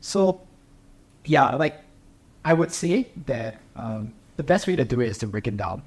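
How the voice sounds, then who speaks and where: A man's voice: medium pitch, big pitch swings, a little slow, a little mellow, breathy edge. A young man from Singapore, a triathlete guest, chatting casually and hesitantly with many fillers and restarts. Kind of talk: casual interview chat.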